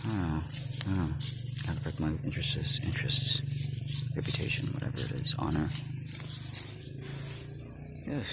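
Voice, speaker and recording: A man in a casual vlog, rambling with many fillers, laughing often and drifting between loud and murmured talk. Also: rumbling low, fairly even intonation, brisk, gravelly. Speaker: vlogger. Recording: background noise.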